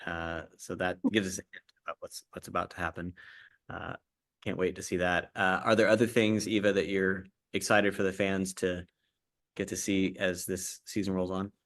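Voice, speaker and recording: A man hosting a livestream interview with cast members, talking haltingly with many fillers and restarts. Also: sits low, flat delivery, a bit bright.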